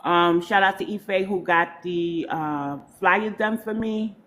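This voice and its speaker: A woman's voice: fairly low pitch, slow pace, a bit bright. A woman from New York hosting a live stream, talking in a loose, informal, chatty way to her viewers. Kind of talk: casual live stream chat.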